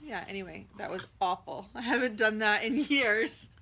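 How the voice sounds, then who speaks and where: A woman with a bright, crisp voice hosts a relaxed home video chat. She talks chattily and loosely, with plenty of casual filler words. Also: mid-range voice, moderate pace. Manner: chatty, lots of "like" and "totally". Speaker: co-host.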